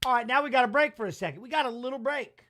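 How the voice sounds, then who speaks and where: A man with a notably high, bright voice hosts a live watch-along stream. He talks in an excitable, slangy, joking way and reacts to the action and to chat. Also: rapid-fire. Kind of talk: casual live-stream fight commentary.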